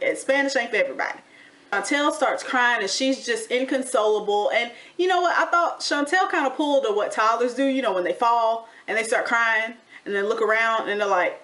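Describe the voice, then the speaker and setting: A woman giving a casual, sassy recap of a reality TV show, chatty and animated, with slang like honey and y'all. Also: fairly high pitch, fairly quick. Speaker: TV recap vlogger.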